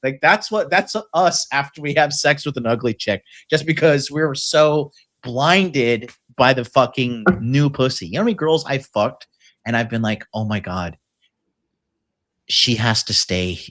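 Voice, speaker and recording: A man's voice: mid-range voice, moderate pace, a bit bright. A man hosting a podcast, talking in crude, blunt, rambling banter and provoking his co-host.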